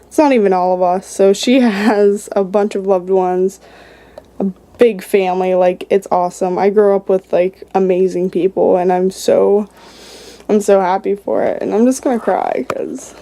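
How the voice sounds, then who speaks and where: A woman's voice: medium pitch, little pitch movement, normal speed, dark tone. A young woman giving a casual house-tour vlog, chatty and filling her talk with "like". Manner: chatty, says "like" constantly. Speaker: paranormal vlogger. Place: indoors in a house.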